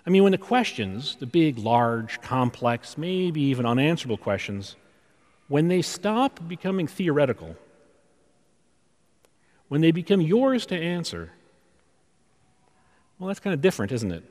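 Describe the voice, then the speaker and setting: A man preaching a conversational sermon, full of rhetorical questions and pauses, in a church sanctuary. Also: fairly high pitch, very animated, a little mellow. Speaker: pastor. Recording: long reverb of a large hall.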